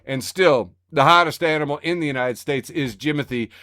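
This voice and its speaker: A man co-hosting a casual podcast, sarcastic and animated, often breaking into laughter. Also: fairly high pitch, brisk, no room sound, clean studio sound. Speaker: podcast co-host reading the news. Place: home studio on a video call.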